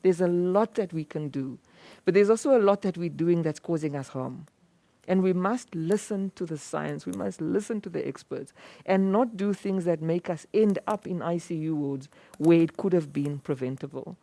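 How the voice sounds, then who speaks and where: Woman moderator, mellow and dry, earnest wrap-up. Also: lowish voice, moderate pace, vocal fry, dry recording. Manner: earnest, wrapping up with thanks. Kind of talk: panel discussion.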